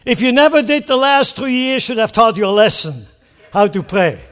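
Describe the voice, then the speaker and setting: A male pastor preaching a sermon, animated, firing off rhetorical questions and acting out prayers. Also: very high voice, normal speed.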